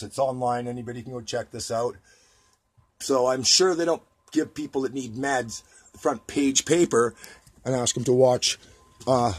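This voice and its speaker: A man's voice: a little high, a little mellow, breathy edge, no room sound. A Canadian man ranting to the camera in his home workshop, agitated and rambling, often repeating himself. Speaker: vlogger.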